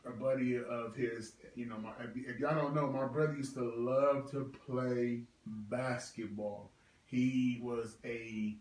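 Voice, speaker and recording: A man in his thirties speaks casually on a livestream, halting and heartfelt, filling pauses with "um" and "you know." His voice sits at an ordinary pitch, and he sounds a little away from the mic in a roomy, echoing space. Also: distant mic. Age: 30s. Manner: halting, many fillers, heartfelt. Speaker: livestream host.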